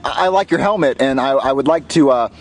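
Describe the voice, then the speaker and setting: A man's voice: medium pitch, brisk, soft background music. A man playing a panicky, bumbling dad who stammers frantically in a comedy puppet skit. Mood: nervous.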